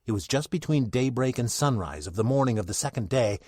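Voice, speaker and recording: Theatrical male storyteller, lively pitch. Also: fairly quick, husky, no room sound, clean studio sound. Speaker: narrator. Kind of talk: dramatic old-time radio narration.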